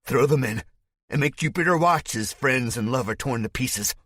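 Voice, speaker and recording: A man voicing a manic, unhinged male militia leader who yells in a shrill, high voice, in an audiobook. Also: normal speed, no echo, clean studio sound, natural voice.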